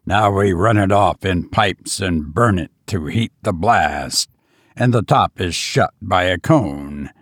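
A man's voice: sits low, animated, takes it slowly, a bit bright, dry recording, clean studio sound, voice pushed down, full character voice. A man doing a grim, gloating ironworks master. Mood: brooding. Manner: loquacious, showing off with grim relish. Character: brooding, menacing male ironworks master.

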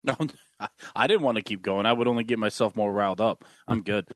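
A man's voice: fairly low pitch, brisk, no room sound. Blunt, profane male podcast co-host. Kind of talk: casual sports chat.

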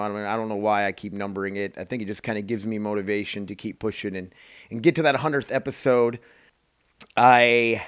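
A man with a medium-pitched voice hosts his own podcast in a dry recording. He rambles offhandedly and casually through a solo chat, swearing freely.

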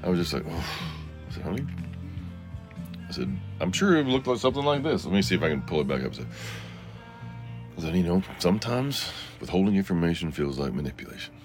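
A man hosting a solo podcast in a rambling, confessional way. He swings between low murmurs and sarcastic outbursts, and he answers listener comments. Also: big pitch swings, fairly quick, pauses often, soft background music. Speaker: podcast host.

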